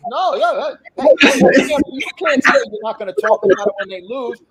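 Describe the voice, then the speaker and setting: A man talking sports as a podcast guest, emphatic and animated in a casual chat. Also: very high voice, a little fast, a crowd in the background, low-quality recording.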